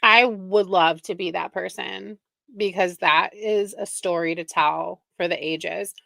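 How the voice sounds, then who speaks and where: Woman, live-stream host, chatty, exasperated, bright tense tone, dry close sound. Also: fairly low pitch, steady tone, a little slow, creaky, no echo. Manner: chatty, exasperated, laughs often. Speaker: livestream reaction host. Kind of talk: casual live-stream commentary.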